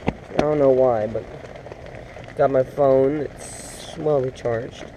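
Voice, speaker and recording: Slow rambling young-sounding man in a tent. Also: medium pitch, steady tone, warm tone, a little hiss or hum, low-quality recording. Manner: rambling and chatty, full of fillers, talking to his dog. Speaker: vlogger. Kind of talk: casual self-filmed vlog. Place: small tent outdoors in heavy rain. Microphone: camera on a tripod. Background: rain.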